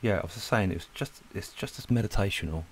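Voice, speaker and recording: While he draws, this Spain-based art channel host chats loosely with viewers, relaxed, meandering, and a touch out of breath. He talks fast in a lowish voice, and there's slight hiss or hum in the audio.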